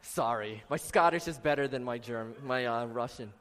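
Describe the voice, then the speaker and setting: A man's voice: mid-range voice, moderate pace, fairly bright tone. Man preaching in a reverberant church. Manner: earnest, addresses congregation members by name. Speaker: pastor. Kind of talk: sermon. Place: church sanctuary. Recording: long reverb of a large church hall.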